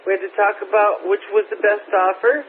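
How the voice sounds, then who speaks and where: A woman's voice: mid-range voice, fairly even intonation, fairly quick. A woman, an amateur radio operator, defending herself in an on-air argument, brushing off the other person's claims in a dismissive tone. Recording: tinny radio transmission with faint hiss.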